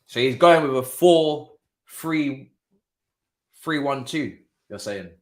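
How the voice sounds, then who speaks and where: A man hosting a live football watchalong stream, chatting through the match as a fan and bursting into shouts at big moments. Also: medium pitch, slow. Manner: excitable, erupts into shouts and laughs at goals. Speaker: watchalong host.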